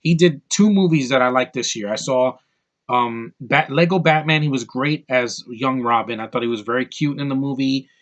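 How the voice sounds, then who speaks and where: A man's voice: mid-range voice, normal speed, muffled recording. A man giving a casual, rambling movie review to camera, opinionated and full of fillers and restarts. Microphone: camera mic, close to camera.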